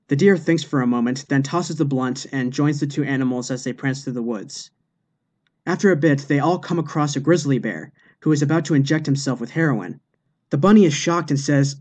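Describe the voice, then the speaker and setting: A man reading jokes aloud in a steady, deadpan narration. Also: medium pitch, normal speed. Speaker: joke narrator.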